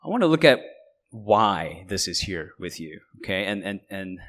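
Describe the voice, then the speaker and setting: A man preaching a sermon, conversational and halting, with frequent fillers and restarts. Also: sits low, very animated, fairly bright tone. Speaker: pastor.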